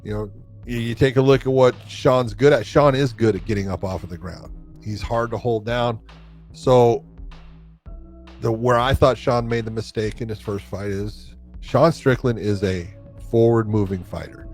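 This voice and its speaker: A man breaking down fight tactics in an explanatory way, punching some words loudly. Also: mid-range voice, moderate pace, soft background music. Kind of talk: technical breakdown.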